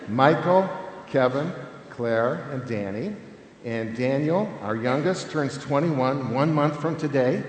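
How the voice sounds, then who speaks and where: A man in his fifties giving a humorous conference talk on family ministry, telling stories and checking in with "okay?" all the time. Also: medium pitch. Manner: animated, humorous, keeps adding "okay?". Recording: echoey hall with long reverb, faint noise.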